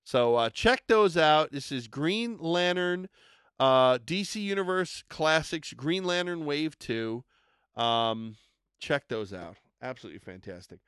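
Excited guy cohosting a podcast, kinda highish voice, hypes stuff up and rambles, super dry close mic. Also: unhurried, smooth, no room sound. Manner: enthusiastic, rambling, hypes products. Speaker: podcast co-host reviewing toys and collectibles. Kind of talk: casual podcast chat.

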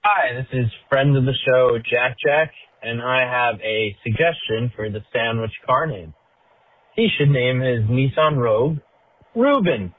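A man's voice: mid-range voice, expressive, unhurried, slightly rough, dry recording. A man leaving a friendly, upbeat voicemail for a podcast as a caller. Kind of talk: voicemail message. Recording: tinny phone voicemail.

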